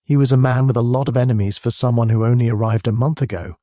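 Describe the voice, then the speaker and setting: A man narrating a mystery story in a steady, even storytelling voice. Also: mid-range voice, fast, dry recording, clean studio sound.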